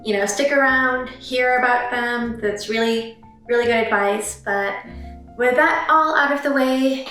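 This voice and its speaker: A woman's voice: on the high side, measured pace, sharp tone. A woman hosting a casual travel and art vlog, chatty and upbeat as she narrates her trip. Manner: chatty and upbeat, with light laughs. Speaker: vlog host, children's book illustrator. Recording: roomy echo with light music behind.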